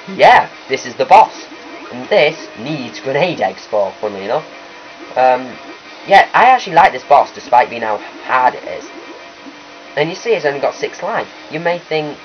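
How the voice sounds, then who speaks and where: A man's voice: mid-range voice, very animated, normal speed, a little hiss or hum. A man hosting a let's play, talking through gameplay in a rambling, chatty way that keeps correcting itself. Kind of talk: gameplay commentary. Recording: lo-fi capture with faint game music.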